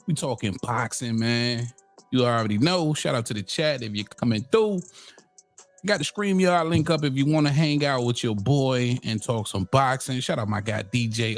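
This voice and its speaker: A man hosting a live boxing talk stream, chatting loosely with many fillers, shout-outs and a Black way of speaking. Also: medium pitch. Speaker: boxing channel host. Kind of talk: casual live-stream commentary.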